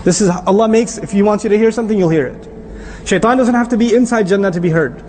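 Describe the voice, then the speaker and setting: A middle-aged man giving an animated religious lecture as an Islamic teacher, often quizzing his audience. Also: high-pitched, fast.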